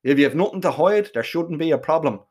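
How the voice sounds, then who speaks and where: A man's voice: a little high, animated, brisk, darkish tone, slightly rough. A man with an Irish accent voicing a bossy, blunt male bandleader who talks in a commanding way. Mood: stern.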